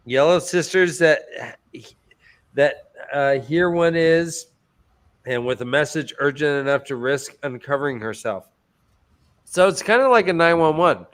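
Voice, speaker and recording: A man's voice: fairly high pitch, a bit bright. A man co-hosting a podcast, casually recapping book chapters in loose, profane chat.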